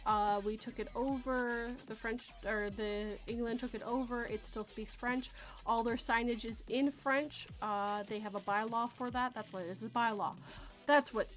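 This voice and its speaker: A woman's voice: a little high, a bit bright. Chatty Canadian woman hosting a podcast. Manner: rambling, self-correcting, laughs often. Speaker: podcast host. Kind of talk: casual chat.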